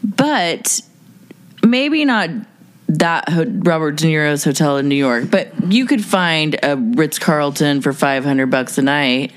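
A woman's voice: low voice, takes it slowly. A woman co-hosting a casual chat, easygoing and playful, chiming in often. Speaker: co-host.

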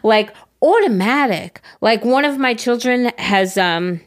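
A woman's voice: fairly high pitch, expressive, a little slow. A young woman co-hosting a podcast, chatting casually and getting emotional as she tells a story. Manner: emotional, storytelling, gushing about her students. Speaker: podcast co-host. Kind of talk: casual chat.

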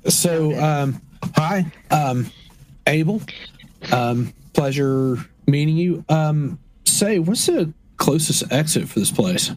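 A man's voice: a little high, expressive, takes it slowly, a little mellow. Hesitant man player, faint noise. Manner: hesitant, filler-heavy talk. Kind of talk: casual tabletop play.

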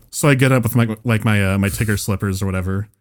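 On a casual comedy podcast, a man with a lowish, smooth voice tells a long story at a fast clip. He rambles and restarts his sentences, swearing and laughing along the way.

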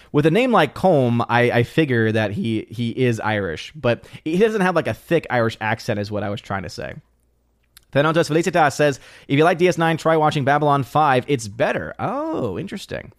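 A man hosts a live stream in casual chat, reading viewer comments aloud and often restarting his sentences. His voice sits at an average pitch. The sound is dry and close, with no room echo.

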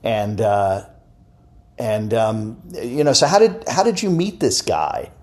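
A man hosting an interview, asking questions in a halting way, with many pauses. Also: fairly low pitch, lively intonation, a little mellow. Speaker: podcast host.

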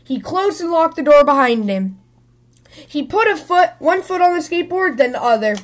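A woman hosting a children's story podcast, reading a picture book aloud in a lively, expressive way. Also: sits high, moderate pace.

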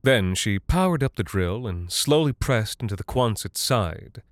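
A man narrating a dark literary story in a measured, deadpan way. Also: fairly low pitch, no echo, clean studio sound.

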